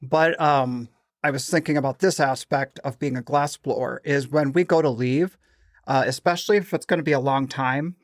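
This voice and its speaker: A middle-aged man from Minnesota, a glass blower co-hosting a podcast, telling stories in a chatty, animated way with quoted dialogue. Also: mid-range voice, moderate pace, no echo, studio quality. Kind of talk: casual chat.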